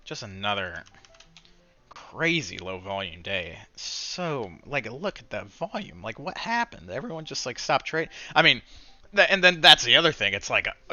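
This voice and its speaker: A man's voice: mid-range voice, very animated, moderate pace, bright, forceful tone, dry recording, highs cut off. A man recapping his day of trading in a casual, frustrated rant, swearing and restarting his sentences often.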